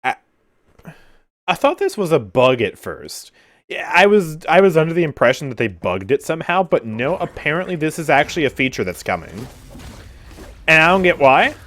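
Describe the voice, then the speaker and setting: A man's voice: on the high side, big pitch swings, normal speed, fairly bright tone. A young man giving casual gameplay commentary on a game update, sarcastic and exasperated, often sighing and laughing. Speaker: gaming YouTuber.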